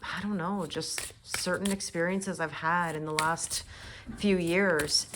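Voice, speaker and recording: A woman giving a casual, reflective tarot forecast, soft-spoken and laughing often. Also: fairly low pitch, background noise. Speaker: tarot reader.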